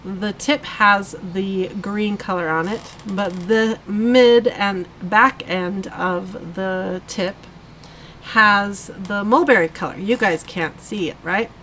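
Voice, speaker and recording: Slow, chatty woman demonstrating markers. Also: medium pitch, a bit bright, a little hiss or hum, low-quality recording. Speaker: host of a live coloring stream. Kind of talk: casual live tutorial.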